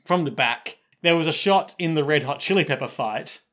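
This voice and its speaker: A man with a slightly high voice chats casually as a podcast co-host. He recaps a show, laughs a lot and tosses in quick put-on lines. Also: lively intonation, a bit bright. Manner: laughs often, acts out lines in quick bits.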